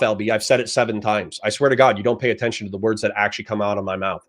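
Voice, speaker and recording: A man's voice: mid-range voice, steady tone, fast, few pauses. A man on a livestream reading chat comments aloud and answering them in a blunt, profane, lecturing rant.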